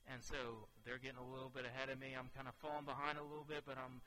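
A young man in his twenties preaching a sermon, telling a personal story in an animated way. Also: mid-range voice, fast talker, slight background noise, rough recording. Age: 20s.

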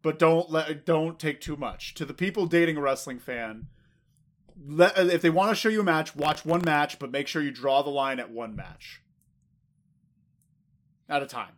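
A man's voice: fairly high pitch, normal speed, fairly bright tone. Laid-back man co-hosting a podcast. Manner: laid-back, rambling advice with fillers. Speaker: podcast co-host. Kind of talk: casual chat.

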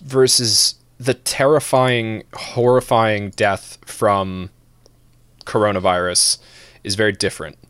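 A man's voice: lowish voice, slow pace, smooth, no room sound. A man co-hosting a casual stream podcast, ranting with a lot of swearing. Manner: profane, animated ranting with laughs. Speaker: podcast co-host.

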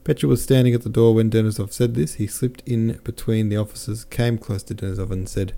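Male audiobook narrator, gravelly, very dark tone, measured reading. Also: lowish voice, steady tone. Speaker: audiobook narrator and podcast host.

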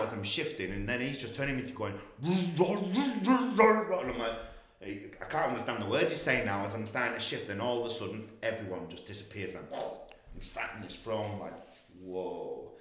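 A man, a guest telling a rambling, animated story in casual talk. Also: lowish voice, reverberant.

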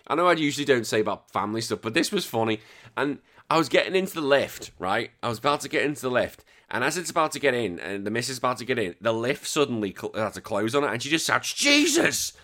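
A man hosting a podcast, chatting casually in a rambling, animated way and swearing freely. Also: medium pitch, quick pace. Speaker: podcast host.

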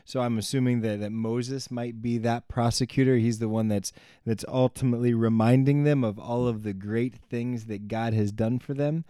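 A man's voice: mid-range voice, fairly even intonation, normal speed, few pauses, warm tone, clear, resonant tone, dry recording, studio quality. A man co-hosting a casual Bible study chat, thinking aloud in a tentative way. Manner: thinks aloud, tentative, says "I'm assuming". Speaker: podcast co-host.

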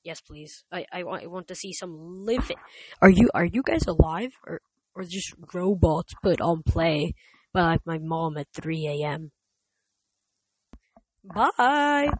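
A podcaster reading a novel aloud in a lowish, dry, close voice. She trips over words and restarts often, and she chats casually between chapters. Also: normal speed, slightly rough, no echo. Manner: stumbling restarts, many fillers.

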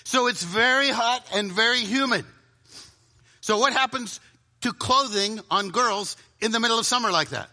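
A middle-aged man preaching a sermon to a live audience, dramatic, often dropping to a hushed voice for emphasis and acting out inner voices. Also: extremely high pitch, moderate pace.

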